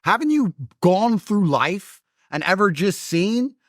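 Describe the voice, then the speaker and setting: A man's voice: high-pitched, sing-song, slow, no echo, studio quality. A man talking as a podcast guest in a blunt, emphatic, mocking way. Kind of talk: podcast conversation.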